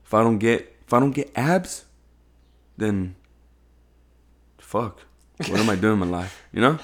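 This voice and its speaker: A man's voice: on the low side, lively intonation, measured pace. A young man co-hosting a podcast in casual, slangy chat, swearing freely. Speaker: podcast co-host.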